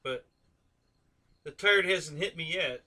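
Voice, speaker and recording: Bright-voiced man rambling casually. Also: a little high, slow pace. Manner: rambling, hesitant, with many fillers and restarts. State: yawning. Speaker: host of a radio-control aviation live stream. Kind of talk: casual live-stream chat.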